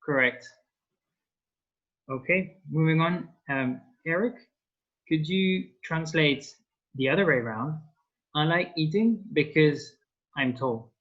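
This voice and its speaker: Slow and pausing often, a French tutor with a bit bright, higher-pitched male voice patiently prompts students step by step in an online class over video call. French is his first language, and the call audio is dull and lo-fi.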